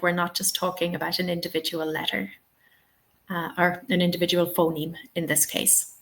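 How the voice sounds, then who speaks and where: A woman's voice: mid-range voice, poor audio. A young Irish woman running a live teaching webinar, answering chat questions in a chatty, upbeat way. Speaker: TEFL webinar trainer.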